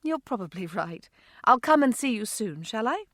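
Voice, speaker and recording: A woman's voice: a little high, very animated, moderate pace, a bit bright, no room sound, clean studio sound. A woman reading an earnest caring mother. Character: warm caring mother of many.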